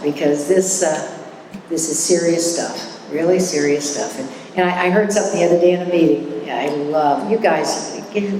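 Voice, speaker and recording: This middle-aged woman talks about her recovery at a meeting hall, chatty and frank, poking fun at herself and restarting often. She has a fairly low, slightly mellow voice, captured from a distance in an echoey hall with a little hiss or hum.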